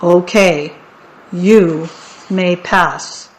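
A woman voicing a hungry, boastful male troll in a picture book read-aloud, with a drawn-out, greedy way of talking. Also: on the low side. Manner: drawn-out, greedy, then stammering.

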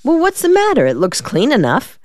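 A woman's voice: high voice, wildly swooping pitch, a little fast, no room sound, voice pushed up. A woman reading the part of a shrewd, wisecracking male defense lawyer in an audiobook, in a dry, decisive manner.

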